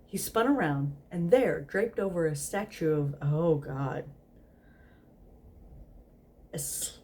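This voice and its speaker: A woman's voice: deep voice, lively intonation, takes it slowly, mellow. A tipsy woman host reading a story aloud in a casual, giggly way, stumbling over words.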